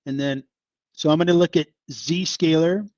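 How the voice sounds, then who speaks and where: A man's voice: fairly high pitch, unhurried, darkish tone, dry recording, lo-fi sound. A man hosting a casual investing livestream, chatting about stocks and sighing and exclaiming over a falling market. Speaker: investing channel host.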